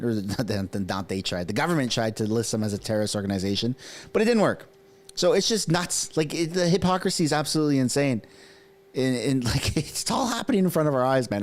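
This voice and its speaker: A man from Canada hosting a casual political reaction stream, ranting in an exasperated way with lots of restarts. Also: mid-range voice. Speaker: political commentary host.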